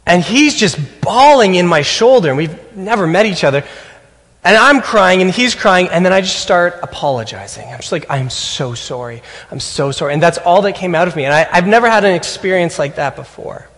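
A man preaching a sermon as a pastor, telling a personal story earnestly with halting restarts. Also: high voice, animated, fairly bright tone, big-room sound.

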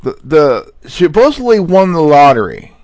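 On a casual show commenting on viral clips, a male host retells funny emergency calls in a rambling, profane style, tripping over words and frequently asking "okay?" His voice is a little high and a little mellow, with huge pitch swings and a moderate pace, recorded with no room sound.

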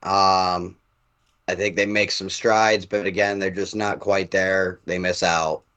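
A man co-hosting a casual sports podcast, talking haltingly and restarting his sentences. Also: low voice, little pitch movement, pushed and bright, clean tone, highs cut off. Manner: halting, many fillers and restarts. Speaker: podcast co-host.

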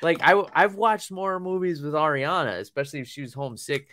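This podcast co-host, a man in his thirties, speaks briskly on the high side with lively intonation and a slightly bright tone. The studio recording is dry, with no room sound, as he chats casually, rambles through long stories, and laughs a lot.

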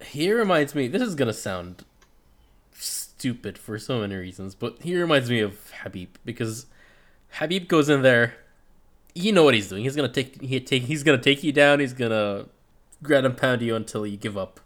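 A man's voice: medium pitch, expressive, normal speed, fairly bright tone. A man co-hosting a casual podcast, recapping a fight show in a laid-back way, swearing freely and trailing off. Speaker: podcast co-host.

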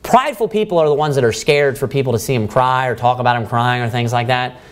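A pastor preaches in a clear, resonant, mid-range voice, talking fast. He poses rhetorical questions, repeats points for emphasis, and fills his speech with "you know" and restarts.

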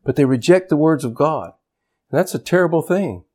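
An older man, a pastor, preaching a sermon in a church, animated and shouting at times for emphasis. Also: a little high, a little fast, breathy edge.

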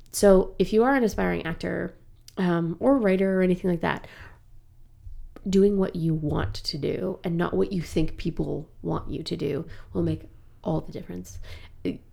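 Gravelly-voiced woman telling lively stories. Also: fairly low pitch, normal speed. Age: 30s. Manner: animated storyteller, laughs often. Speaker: guest, improv actor. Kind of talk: casual chat.

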